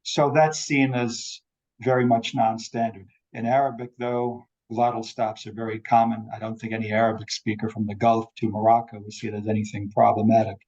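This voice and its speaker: A man giving an academic talk over a video call, measured and explanatory. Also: lowish voice, level tone, a little mellow, dull audio. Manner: measured lecturing, quotes examples. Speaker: academic speaker. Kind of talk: online forum talk.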